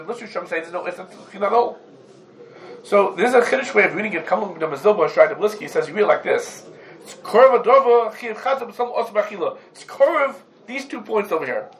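Male teacher, a touch higher-pitched, lively questioning delivery in a classroom lesson, light background noise. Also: rough recording. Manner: lively, rhetorical questions, Hebrew terms woven into English. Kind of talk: Talmudic law lesson.

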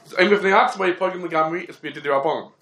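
A man delivers a Talmudic lecture, firing questions and answering them himself. His voice sits a little high. The room around him is echoey. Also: fairly bright tone. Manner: rapid, question-and-answer reasoning. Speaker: Torah teacher.

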